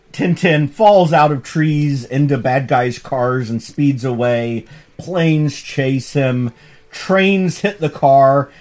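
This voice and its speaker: Male professor host, casual lecture tone, animated and bouncy, slightly raised pitch, amused. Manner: animated, amused storytelling with frequent restarts. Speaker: professor hosting a comics course podcast.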